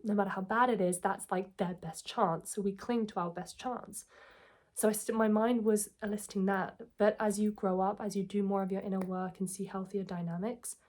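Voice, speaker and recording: A woman's voice: mid-range voice, fairly even intonation, moderate pace, darkish tone. A woman, telling a personal story and giving self-help advice in a candid, reflective, earnest way.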